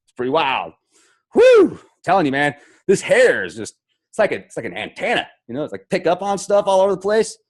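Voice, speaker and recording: A man's voice: fairly high pitch, sing-song, fast. A man hosting his own show, reading out viewer comments and riffing on them in a jokey, mock-dramatic way. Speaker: show host.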